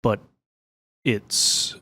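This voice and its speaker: A man's voice: drawn-out words, pushed and bright. A man co-hosting a business podcast, telling stories in a joking, casual way with lots of restarts. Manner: storytelling, joking, many restarts. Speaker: podcast co-host.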